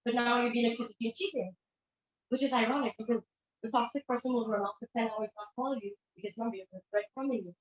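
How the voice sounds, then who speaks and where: A woman with a fairly high voice gives a relaxed conference talk as a therapist, chatting with the audience and slipping into little acted-out quotes. Her voice carries through a roomy hall, and the recording sounds dull and lo-fi. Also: fast. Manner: conversational, acts out quoted dialogue with shifting voices. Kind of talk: informal lecture presentation. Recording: echoey room, dull lo-fi sound.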